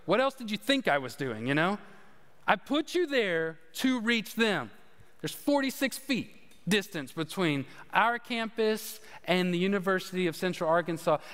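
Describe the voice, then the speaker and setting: A man's voice: sits high, a bit bright, in a large hall. A man, a pastor preaching a conversational sermon with humorous stories. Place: church sanctuary.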